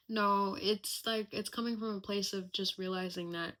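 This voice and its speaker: A woman's voice: medium pitch, fairly even intonation, moderate pace, hardly any pauses, sharp tone. A young woman hosting a casual personal podcast, talking candidly and reflectively with lots of chatty fillers. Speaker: podcast host.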